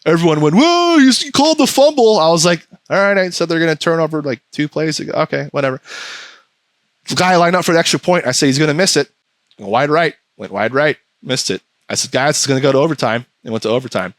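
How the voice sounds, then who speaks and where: A man's voice: a little high, quick pace, fairly bright tone, no room sound. A man hosting a podcast, ranting profanely in casual chat and slipping into mocking voices. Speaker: podcast host.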